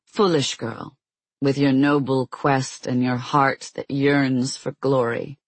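A narrator voicing a cruel, gloating winged goddess of strife, speaking slowly and mockingly, a little above their own pitch. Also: level tone, dry recording. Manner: slow, mocking, drawn out.

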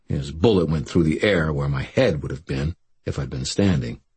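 A man reading a first-person story aloud as an audiobook narrator, telling it in a steady storytelling way. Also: rumbling low, normal speed, slightly rough.

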